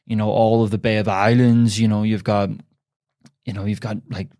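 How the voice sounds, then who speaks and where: A man's voice: fairly low pitch, little pitch movement, moderate pace, warm tone, dry recording, clean studio sound. A man with a Northern Irish accent, a podcast guest chatting casually with many restarts and asides. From Northern Ireland. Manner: chatty, frequent restarts and "you know". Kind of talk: casual interview chat.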